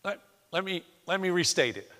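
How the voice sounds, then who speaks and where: Bright-voiced male preacher in echoey hall. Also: high voice, animated, moderate pace. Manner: emphatic preaching that swings from hushed to shouted. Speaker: pastor. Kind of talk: sermon.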